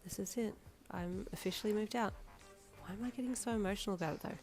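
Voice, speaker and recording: A woman's voice: mid-range voice, fast, darkish tone, faint music behind, lightly acted. A woman voicing the listener character, an emotional young woman leaving home who turns sassy. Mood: tearful. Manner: quivering, tearful, then sassy.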